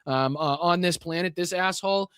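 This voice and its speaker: A man's voice: high voice, moderate pace, a bit bright, clear, resonant tone, no echo, clean studio sound. A man hosting a live political rant, sarcastic and profane, laughing often and restarting his sentences. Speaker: host of a political commentary stream.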